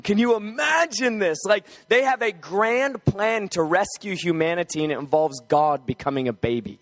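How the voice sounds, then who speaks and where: An animated male preacher with a strikingly high voice for a man. He delivers a humorous, storytelling sermon full of energy and emphasis. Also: moderate pace, hardly any pauses.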